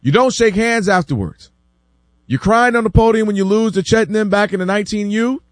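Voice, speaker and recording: A man hosting a casual sports debate, animated and acting out quotes from other people, often repeating words as he builds his point. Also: high voice, a little fast, dry recording. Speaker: sports talk show host.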